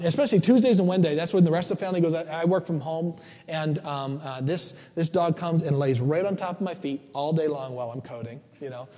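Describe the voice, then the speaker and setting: A man's voice: on the high side, warm tone. A middle-aged male preacher giving a conversational, joking sermon, often checking in with "right?". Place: church. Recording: long church reverb.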